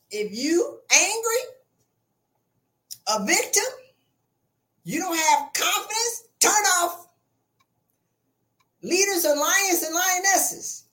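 A woman's voice: high-pitched, fairly bright tone. A blunt, emphatic woman giving a motivational talk, repeating her points. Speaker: motivational speaker.

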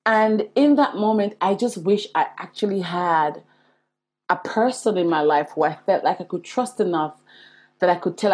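A middle-aged woman speaks with a slightly low, husky voice. She shares her personal testimony earnestly and repeats phrases for emphasis. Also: darkish tone. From Caribbean. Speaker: speaker sharing her life story.

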